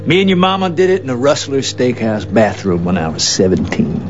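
A man's voice: mid-range voice, brisk, over music, lightly acted. An actor in his fifties playing a scruffy, washed-up estranged father who talks in a brash, rambling way, heard in a film clip. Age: 50s. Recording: dull lo-fi film clip with noise.

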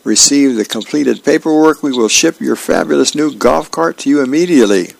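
A man's voice: mid-range voice, animated, brisk, creaky, pitched above the performer's own voice. A man voicing an overly polite salesman calling on the phone. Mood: pitching.

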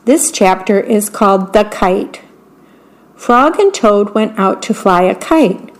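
Slow, measured woman reading a bedtime story. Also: medium pitch, animated. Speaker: volunteer radio broadcaster.

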